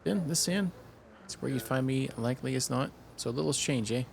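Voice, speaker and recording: A man's voice: medium pitch, moderate pace, gravelly, a little hiss or hum, close to an everyday voice. A man voicing a rambling, drunken male villager who talks in folksy rustic speech while reading game dialogue aloud.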